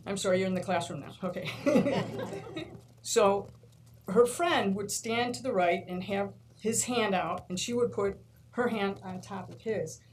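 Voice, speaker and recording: A woman from New York gives a lively storytelling speech at a podium in a large meeting room. She acts out the people in her stories and laughs often. Her pitch sits in a middle range, with faint noise underneath. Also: a little slow, poor audio. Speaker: college instructor.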